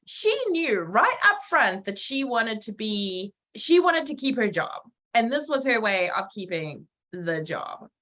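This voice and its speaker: A woman co-host with a bright, lively voice that swings widely as she reacts. She sounds incredulous and disgusted at what she hears, and she talks fast and loose in casual chat. Her pitch sits a little high. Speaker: podcast co-host.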